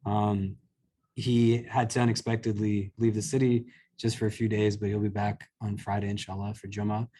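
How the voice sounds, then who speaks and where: A man's voice: on the low side, little pitch movement, moderate pace, warm tone. Earnest man giving a casual religious talk. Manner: conversational, earnest, many fillers. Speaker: imam. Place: community center hall.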